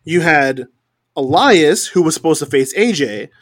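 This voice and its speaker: A man's voice: on the high side, lively intonation, unhurried, no room sound, studio quality. A man co-hosting a casual wrestling podcast, ranting with exasperation about how the show was written. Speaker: podcast co-host. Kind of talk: casual wrestling opinion chat.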